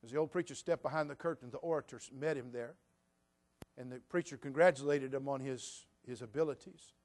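A man's voice: mid-range voice, a little fast, a little mellow. A man preaching a sermon to his church, telling a story in a conversational way. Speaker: pastor. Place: church sanctuary.

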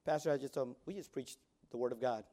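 This fast-talking youth pastor in his forties, medium in pitch, shifts between booming exhortation and hushed asides in his sermon, with frequent stammers and repeated words.

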